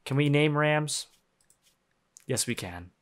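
Profane, animated young man gaming. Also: fairly high pitch, slow pace. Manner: profane, excitable, laughs often. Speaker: game streamer. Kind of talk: casual gameplay commentary.

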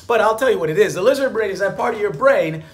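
A man's voice: high-pitched, expressive, quick pace. A man, a business attorney, giving a motivational talk to camera, emphatic and fond of repeating his key phrases.

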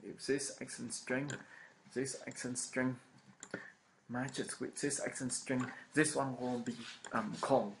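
Halting man with a gravelly flat voice. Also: medium pitch. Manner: halting, many ums, repeats phrases with frequent okays. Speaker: programming instructor. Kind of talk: screen-recorded coding lecture. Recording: noisy home recording.

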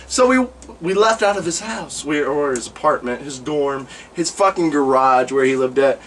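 A man's voice: fairly high pitch, moderate pace, distant mic, a little hiss or hum. A man vlogging comic stories, cursing freely and acting out the people in them. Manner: profane, animated, acts out the people in his stories. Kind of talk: comic storytelling.

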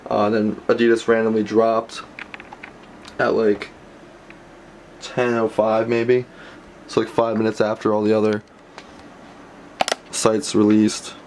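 Rambling excitable young man vlogging. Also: fairly low pitch, takes it slowly, long pauses, a little hiss or hum. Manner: rambling, excitable, stammering restarts. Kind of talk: casual vlog to camera. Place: messy bedroom being packed up.

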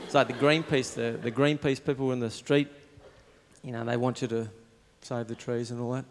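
Deadpan Australian man doing stand-up. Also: mid-range voice, moderate pace, long reverb tail. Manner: laconic, deadpan storytelling with acted-out voices. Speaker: stand-up comedian. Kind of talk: stand-up comedy routine. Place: stage before a live audience. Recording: live show with loud crowd laughter. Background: loud audience laughter.

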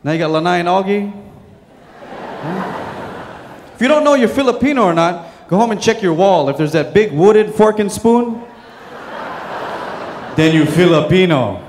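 A man's voice: sits high, expressive, normal speed, long pauses, darkish tone, a little hiss or hum. A man emceeing a live comedy show, pumping up the crowd between jokes. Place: hotel showroom stage. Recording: reverberant hall with crowd.

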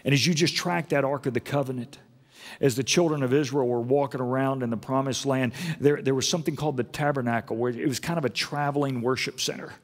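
A pastor delivering a sermon in a church, earnest, with slow, low passages and lifts to high, stressed words. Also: male voice, fairly even intonation, in a large hall. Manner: earnest preaching, rises high and loud for emphasis, drops low and slow. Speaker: senior pastor. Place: church auditorium.

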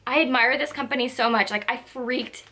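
A young woman beauty vlogger chatting casually through a makeup haul, gushing and excitable. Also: sits high, moderate pace. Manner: gushing, excitable, lots of "like" and "so cute". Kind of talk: casual product haul chat.

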